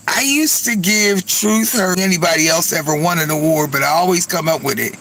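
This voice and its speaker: A man's voice: on the high side, fairly quick, few pauses, noisy background. A man hosting a livestream, telling gossipy stories in a casual chat to his viewers, cursing freely and laughing often. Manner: animated gossipy storytelling, frequent laughter. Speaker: livestream host.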